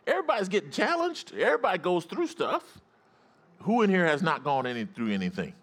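A man preaching a sermon as pastor in a church, calling out to the congregation and rising into excited shouts. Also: high-pitched, fairly quick. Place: church sanctuary.

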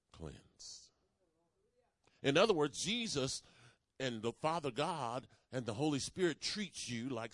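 A man's voice: mid-range voice, dry recording. A man preaching a sermon, leading the congregation in call-and-response and building to emphatic declarations. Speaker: pastor.

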